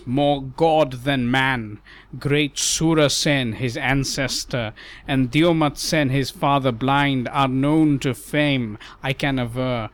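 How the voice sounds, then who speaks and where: A man's voice: medium pitch, natural voice. A man voicing an old, grey-haired wise male sage in an audiobook ballad, declaiming with urgency.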